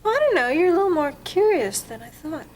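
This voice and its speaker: A teasing, flirtatious patient. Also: female voice, extremely high pitch, very animated, fast, darkish tone, low-quality recording. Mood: flirty. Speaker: patient in physical therapy. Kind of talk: daytime TV drama acting.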